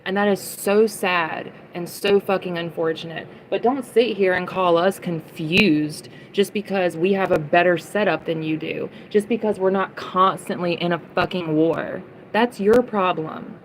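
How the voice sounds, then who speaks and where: A woman's voice: fairly low pitch, measured pace, few pauses, a little hiss or hum, low-quality recording. A young woman livestreaming, ranting at chat comments in a heated, profane way and repeating lines for emphasis. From United States.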